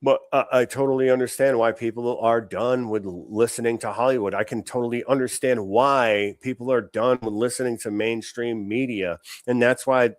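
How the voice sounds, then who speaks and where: A man's voice: mid-range voice, no echo, studio quality. A man hosting a podcast, giving blunt, profane political commentary. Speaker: podcast host.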